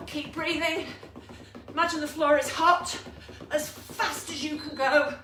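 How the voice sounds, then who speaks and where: A woman leads an online workout class from home, cheerful and laughing at herself as she counts down each round. Her high, bright voice is slow and out of breath. It sounds roomy and a little distant from the mic. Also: fairly even intonation, slight background noise. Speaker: fitness instructor. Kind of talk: live online exercise class.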